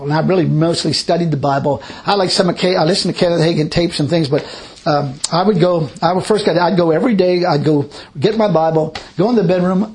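A man's voice: on the high side, a little mellow. A man preaching a sermon, telling stories in a folksy, chuckling way. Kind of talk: sermon with personal storytelling.

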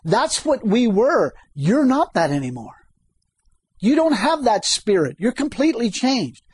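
Husky high-voiced preacher. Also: male voice, sing-song, a little slow, darkish tone, no room sound. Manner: emphatic, asks the congregation questions, reads scripture aloud. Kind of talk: sermon.

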